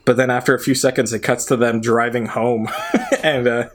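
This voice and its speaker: A man's voice: mid-range voice, little pitch movement, moderate pace. A young man co-hosting a podcast, casually recapping a movie in a rambling way, laughing often and swearing. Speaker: podcast co-host.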